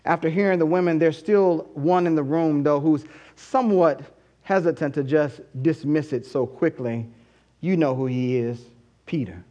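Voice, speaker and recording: A male pastor preaches in an animated storytelling style and keeps asking his listeners rhetorical questions. His voice sits high for a man. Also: moderate pace, dull audio. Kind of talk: sermon.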